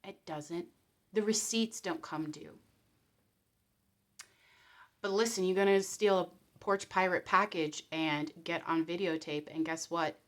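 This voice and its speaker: A woman vlogger talking casually to camera. She speaks in an animated way and acts out little quotes. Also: on the low side, unhurried. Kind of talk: casual commentary vlog.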